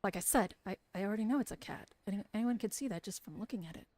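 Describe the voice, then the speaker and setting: A woman's voice: rapid-fire, no echo, natural voice. A woman doing a brash hotheaded male cop. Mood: nervous. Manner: loud, pushy, raised high pitch. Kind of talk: dramatic reading of game text.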